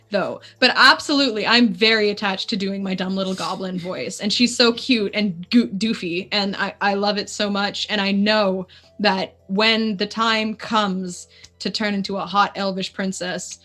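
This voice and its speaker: A woman with a Canadian accent, chatting casually and lively as a guest on a live stream. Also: medium pitch, moderate pace, soft background music. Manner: lively, chatty, laughs often. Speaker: guest player.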